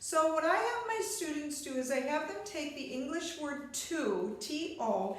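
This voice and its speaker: A woman's voice: sits high, lively intonation, a little slow, a bit bright, very echoey. A woman teaching a beginner recorder lesson, patient and step by step, speaking straight to the viewer. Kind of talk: instructional video lesson.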